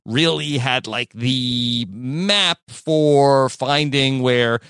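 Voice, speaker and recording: A man hosting a casual podcast, recapping a film in halting talk full of fillers. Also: mid-range voice, a bit bright, clean tone, dry recording, clean studio sound. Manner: halting, many fillers, chuckles often. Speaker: podcast host. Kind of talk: casual chat.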